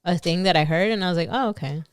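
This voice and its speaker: A woman's voice: fairly low pitch, racing, clear, resonant tone, dry recording, studio quality. A young woman co-hosting a podcast, chatting casually and rambling with lots of fillers while acting out quotes. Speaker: podcast co-host. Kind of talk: casual chat.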